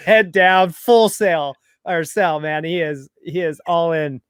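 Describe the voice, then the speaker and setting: A man's voice: on the high side, slow pace, clean tone. A man co-hosting a podcast, reacting and riffing playfully in casual chat. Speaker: podcast co-host.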